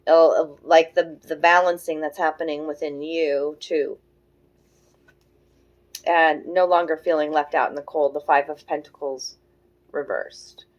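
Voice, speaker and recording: A woman in her forties giving a casual tarot reading, thinking aloud in a soft, musing way with frequent fillers. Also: low-pitched, steady tone, a little slow, muffled recording. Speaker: tarot reader.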